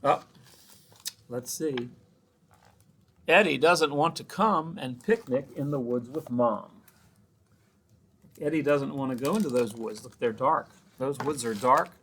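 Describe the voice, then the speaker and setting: A man's voice: mid-range voice, measured pace, long pauses, a bit bright, breathy edge. A man who is a children's librarian, reading a picture book aloud with chatty asides to the children.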